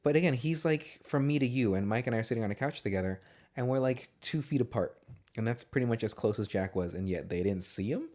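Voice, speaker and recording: A man's voice: medium pitch, animated, quick pace, darkish tone. A man co-hosting a casual movie podcast, talking in a rambling, profane way and laughing often. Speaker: podcast co-host.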